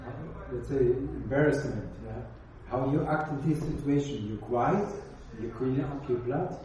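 Yeshiva guy talking in halting broken bits, super dark voice, far away in a big echo. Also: medium pitch, highs cut off, slight background noise. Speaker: yeshiva student. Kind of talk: casual study discussion. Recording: very echoey, far from the mic.

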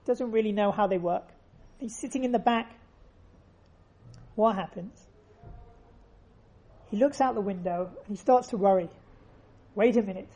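A woman's voice: mid-range voice, normal speed, long pauses, warm tone. A woman giving an earnest faith lesson, telling stories and repeating phrases for emphasis. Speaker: religious teacher.

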